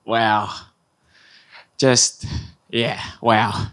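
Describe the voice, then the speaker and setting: A man's voice: lowish voice, level tone, drawn-out words, a bit bright, smooth. A man answering press questions after a fight, upbeat and loose, with many fillers and restarts. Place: press conference room.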